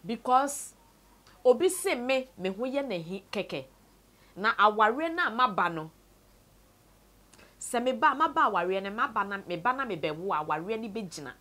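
A Ghanaian woman telling a sad story from her own life, mixing Twi and English, her voice often sinking low and quiet. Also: expressive, moderate pace, pauses often. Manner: tells a sad story, switches between Twi and English, voice sinks low and soft. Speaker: interviewee. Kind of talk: personal story told to camera.

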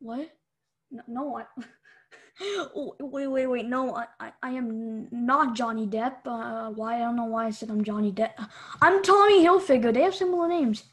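A woman hosting a joke therapy vlog, rambling playfully, losing her thread and repeating herself. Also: on the high side. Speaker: host of a joke therapy show. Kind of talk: casual comedic vlog monologue.

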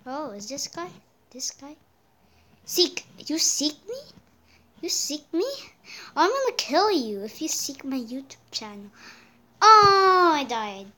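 A high, bright-pitched woman talks through a game at an unhurried pace, taunting rival players. Her commentary is casual, and she swings between loud yelps and murmured asides. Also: lively intonation. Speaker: gameplay commentator.

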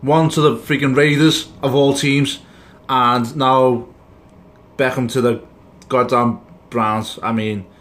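Speaking a little slowly in a level tone, a man with a medium-pitched, slightly bright voice vents about his football team. The vlogger's reaction video is an angry, rambling rant full of swearing.

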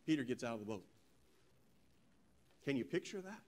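A male preacher giving a sermon, telling a scripture story with animated delivery and reading verses slowly and solemnly. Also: mid-range voice. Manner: animated storytelling, voices quoted characters.

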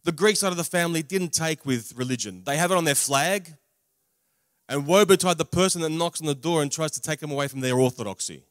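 A man giving a spoken testimony sermon, with humorous asides and big swings in loudness on emphatic words. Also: a little high, brisk, dry recording, clean studio sound. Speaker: preacher. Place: large camp meeting venue.

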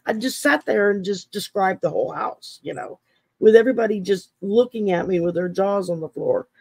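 A woman's voice: medium pitch, moderate pace, creaky, a little mellow, husky, dry recording. A middle-aged woman from Texas, hosting an interview and telling personal stories in a chatty way, often laughing as she talks. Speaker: podcast host. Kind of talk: casual interview storytelling.

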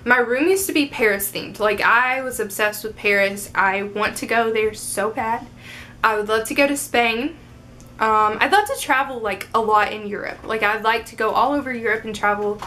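A woman's voice: fairly high pitch, moderate pace, pushed and bright, a little hiss or hum. A young adult woman chatting casually in a get-to-know-me Q&A video, upbeat and full of fillers like "um" and "like". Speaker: vlogger.

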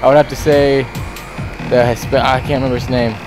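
A man from Wisconsin answers haltingly, searching for words. His voice is mid-range. Clear music plays underneath. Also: medium pitch, flat delivery, a little mellow. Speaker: interviewee, marine.

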